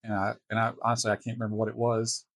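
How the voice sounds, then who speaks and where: A man hosting a reaction video, telling personal stories in a halting, casual way with wry chuckles. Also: lowish voice, completely flat delivery, no room sound. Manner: halting, restarts often, chuckles wryly.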